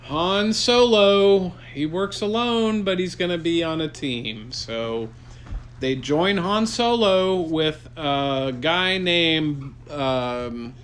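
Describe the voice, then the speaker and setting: A man improvising a silly story for his child, playful and rambling with deadpan jokes. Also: a little high, a little hiss or hum.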